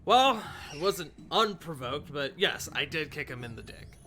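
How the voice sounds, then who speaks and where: A man's voice: a little high, big pitch swings, unhurried, bright, forceful tone, slight background noise, full character voice. A man voicing a weary, laid-back male gunman in a tabletop game, speaking dryly.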